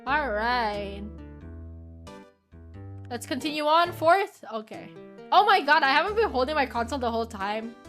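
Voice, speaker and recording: A chatty woman streamer talking to her viewers between game lines. Her voice is fairly high and very lively, with game music playing behind her. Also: normal speed, pauses often. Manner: chatty, thanks followers. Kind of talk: casual game stream chat.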